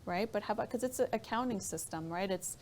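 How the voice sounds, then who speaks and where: A woman guest on a radio talk show, explaining her ideas thoughtfully and pausing to find her words. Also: medium pitch, darkish tone, a little hiss or hum. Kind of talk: reflective talk radio discussion.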